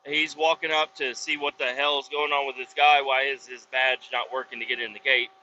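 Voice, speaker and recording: Bright-voiced man telling a story in his truck. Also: medium pitch, normal speed. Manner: profane, animated, acts out voices in retelling. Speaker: vlogger and truck driver. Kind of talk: casual storytelling. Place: inside a pickup truck with windows down. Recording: slightly dull lo-fi audio, faint road noise.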